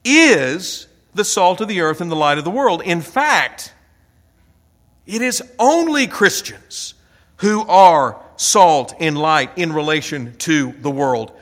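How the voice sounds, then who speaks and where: A man preaching a sermon, pressing hard on single words with a measured, deliberate delivery. His voice sits a little high for a man. The sound carries the long reverb of a large hall. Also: expressive, a bit bright. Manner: measured preaching with emphatic stresses. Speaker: pastor.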